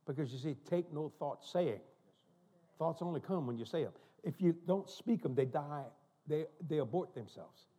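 Older preacher, husky and dark. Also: male voice, medium pitch. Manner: animated, joking, laughing asides. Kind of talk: storytelling sermon. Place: church sanctuary.

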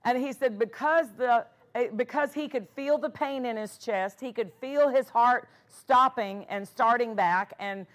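A woman's voice: on the high side, measured pace, hardly any pauses. Earnest woman pastor preaching. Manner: earnest preaching with frequent restarts. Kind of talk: sermon.

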